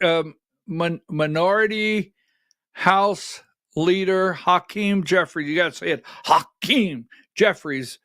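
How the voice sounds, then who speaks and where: A middle-aged man hosting a livestreamed political commentary show, talking in an animated, rhetorical way, often asking "right?" and rising to near-shouting when worked up. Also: high voice, no echo, studio quality. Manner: talks while fumbling with on-screen clips.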